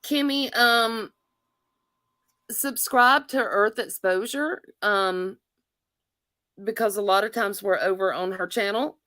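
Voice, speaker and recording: A woman hosting a casual livestream chat, chatty and quick to laugh, with lots of fillers. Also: mid-range voice, sharp tone, dry recording, clean studio sound. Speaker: livestream host.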